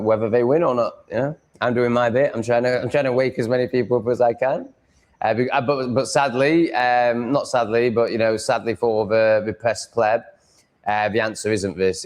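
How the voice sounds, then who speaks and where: A man in his thirties hosting a casual livestream, rambling with halting restarts and reacting to chat. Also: fairly low pitch. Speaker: livestream host reading chat.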